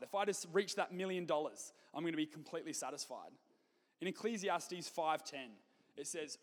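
A man preaching a sermon in a church, telling stories with lively, jokey asides. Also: on the high side, big-room sound. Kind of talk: sermon with storytelling.

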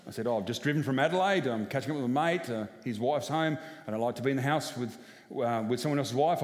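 A man's voice: medium pitch, darkish tone. A man, a senior pastor telling a personal story in a frank, conversational way during a sermon. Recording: echoey church hall.

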